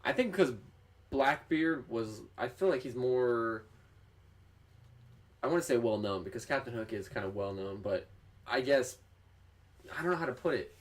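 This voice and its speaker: A man's voice: mid-range voice, animated, moderate pace, pauses often. A man co-hosting a movie podcast, giving chatty, hedging opinions. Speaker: podcast co-host. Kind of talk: casual movie news chat.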